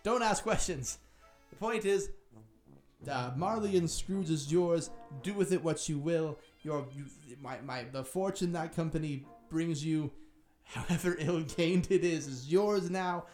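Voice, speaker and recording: A man's voice: on the high side, measured pace, darkish tone, natural voice. A man voicing an old reformed miser who speaks in a brusque, rambling way. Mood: gruff. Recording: roomy echo, faint music.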